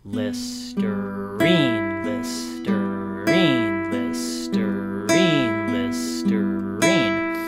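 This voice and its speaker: A man giving a casual guitar lesson, explaining in a relaxed, rambling way with lots of fillers. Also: mid-range voice. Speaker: guitar teacher. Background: guitar playing.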